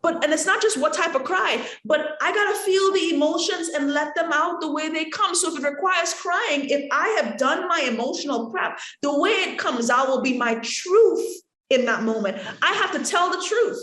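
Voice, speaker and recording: A woman's voice: high voice, moderate pace, few pauses. A woman from the Caribbean teaching an acting workshop, talking straight to the room and acting out examples as she goes. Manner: animated, talks to the room, acts out examples. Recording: echoey room.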